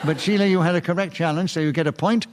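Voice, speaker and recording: A man chairing a radio comedy panel game, giving brisk, genial rulings and reading out scores. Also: fairly high pitch. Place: radio studio with live audience.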